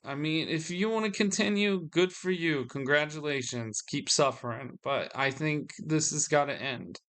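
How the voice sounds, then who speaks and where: A man's voice: a little high, normal speed, a bit bright. A man venting to his audience in a solo video, weary and frustrated, often restarting his sentences. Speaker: vlogger.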